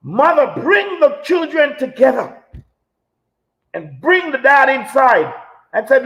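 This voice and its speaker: A man with a very high voice hosts a live talk show and delivers an impassioned monologue. He talks like a preacher, hammering his points home with repetition. He sounds emotional. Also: big pitch swings, slow pace, long pauses, fairly bright tone, poor audio. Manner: preachy, emphatic, repeats phrases for effect.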